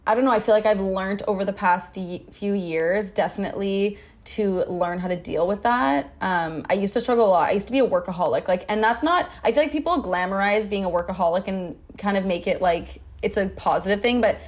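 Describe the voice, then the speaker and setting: A woman's voice: medium pitch, a little fast, few pauses. A young woman from Canada, a podcast guest, chatting casually and upbeat with lots of "like". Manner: chatty, upbeat, heavy use of "like". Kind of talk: casual chat.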